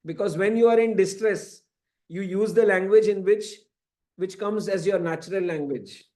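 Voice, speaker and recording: A man's voice: high-pitched, normal speed, dark tone. A man teaching a scripture class, explaining at length with frequent "you know" asides. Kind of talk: lecturing to a class. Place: temple classroom.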